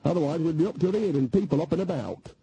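A man's voice: a little high, fast talker, dark tone, breathy edge, voice pushed up, low-quality recording. A man voicing a cheerful, mischievous old woman witch who talks chattily, read as an audiobook character. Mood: cheeky.

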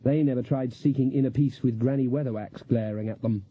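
Husky male audiobook narrator. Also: mid-range voice, steady tone, brisk, no room sound. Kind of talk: scripted narration. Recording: slightly dull lo-fi recording.

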